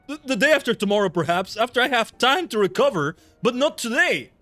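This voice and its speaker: A man's voice: very high-pitched, sing-song, brisk, bright, forceful tone, no room sound, faint music behind, voice pushed up, heavily acted. A man voicing a haughty, lecherous male lord from a video game in a raised, theatrical voice. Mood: dismissive.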